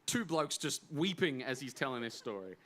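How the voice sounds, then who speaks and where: A middle-aged man, an author telling a story on a festival stage, animated and emphatic, full of fillers and restarts. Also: medium pitch, normal speed. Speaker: author guest at a writers festival.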